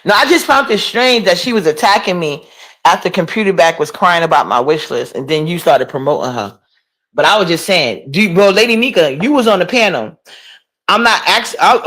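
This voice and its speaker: A woman's voice: lowish voice, a bit bright. A woman, chatting casually on a livestream, reading and answering comments. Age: 40s. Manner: gossipy, incredulous, talks back to chat. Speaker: livestream host.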